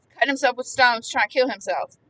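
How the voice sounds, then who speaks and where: A woman giving impassioned Bible commentary, emphatic and repetitive, swinging between hushed words and loud ones. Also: on the high side, fast talker, distant mic, rough recording. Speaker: preacher.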